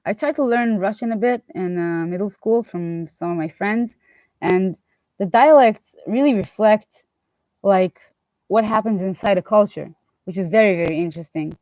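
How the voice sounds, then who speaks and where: A young woman whose first language is Hebrew, speaking English with a mixed British, American and Israeli accent. She reads a text aloud haltingly, stumbling and restarting words, and chats casually between passages. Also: mid-range voice, dark tone, no echo.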